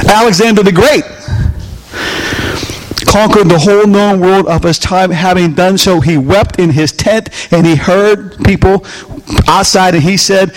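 A male pastor preaching a sermon in a folksy way, firing off rhetorical questions at his congregation and swinging between loud, emphatic lines and soft, drawn-out ones. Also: a little high.

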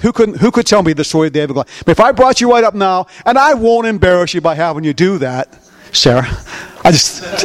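A pastor preaching a sermon, asking his listeners questions and repeating key phrases. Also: high voice. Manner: asks the crowd rhetorical questions, heavy repetition. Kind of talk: sermon, discipleship teaching.

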